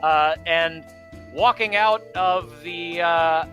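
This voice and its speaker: Slow, bright-voiced male game master with a rambling narration. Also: on the high side, lo-fi sound, soft background music. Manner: rambling, many fillers.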